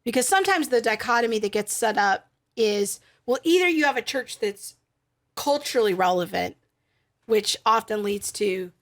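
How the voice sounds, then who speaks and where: A middle-aged woman co-hosting a faith podcast, talking things through in a thoughtful, explanatory way with frequent fillers. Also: mid-range voice. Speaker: podcast co-host. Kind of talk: casual faith podcast chat.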